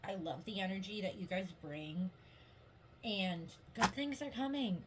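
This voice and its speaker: A woman's voice: medium pitch, expressive, measured pace, heavy background noise. A woman giving a casual tarot reading to her viewers. She talks in a rambling, upbeat way, laughs often and says "like" a lot. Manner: chatty and rambling, heavy use of "like"; giggly, upbeat and encouraging. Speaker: tarot reader.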